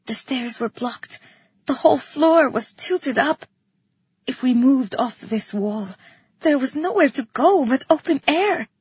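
Breathy, unhurried woman narrator. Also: high-pitched, expressive, darkish tone, no room sound, lo-fi sound. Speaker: audiobook narrator. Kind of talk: scripted first-person narration.

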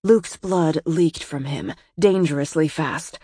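Woman audiobook narrator, low voice, dry close sound, steady and measured. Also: dry recording. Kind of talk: scripted narration.

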